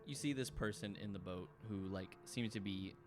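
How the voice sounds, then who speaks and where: A man's voice: on the low side, moderate pace, darkish tone, faint music behind. A man narrating a tabletop role-playing game as game master, in a loose, filler-heavy way.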